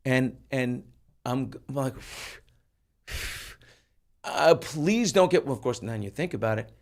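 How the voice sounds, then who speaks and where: Brief: older male host, lively storyteller, self-mocking, plays every part. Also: medium pitch, measured pace. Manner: animated, self-mocking, acts out quotes. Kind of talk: casual storytelling on a talk show.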